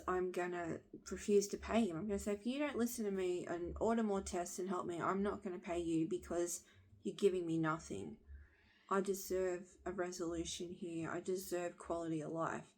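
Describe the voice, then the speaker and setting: A woman in her thirties with a husky voice, bluntly venting her frustration to the camera and swearing along the way. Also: fairly low pitch, a little mellow. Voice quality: husky smoker-like voice. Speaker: vlogger.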